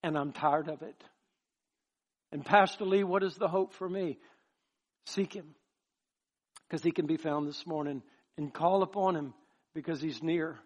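A man preaching a sermon as pastor, impassioned and emphatic, turning soft and pleading at times. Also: on the high side, normal speed, long pauses, muffled recording.

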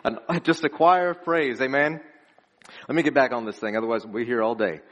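A man's voice: medium pitch, brisk, a bit bright, lo-fi sound. A young man preaching a conversational sermon as pastor, earnest and storytelling, chuckling between phrases.

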